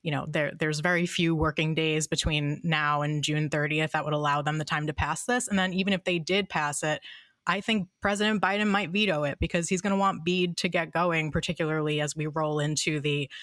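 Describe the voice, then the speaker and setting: Bright-voiced wry woman reporter. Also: deep voice, steady tone, fairly quick, no echo. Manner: wry, laughs through remarks. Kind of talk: casual news chat.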